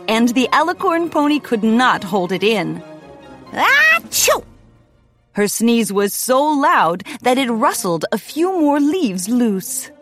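Woman reading a kids' storybook, highish voice that swoops around a lot, dry close mic, bit of soft music underneath. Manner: lively, expressive storytelling. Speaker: audiobook narrator. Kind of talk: scripted children's audiobook narration. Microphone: close studio mic, dry.

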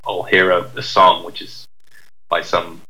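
Guy rambling on a chat show, bright tone, lots of ums and restarts. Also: deep voice, monotone, unhurried, low-quality recording. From United Kingdom. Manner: rambling, self-deprecating, lots of fillers and restarts. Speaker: podcast co-host. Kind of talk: casual chat.

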